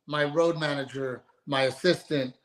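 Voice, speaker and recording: A man's voice: on the high side, fairly even intonation, normal speed, a bit bright, rough recording. A man, a comedian guest, telling family stories in casual podcast chat and acting out the dialogue.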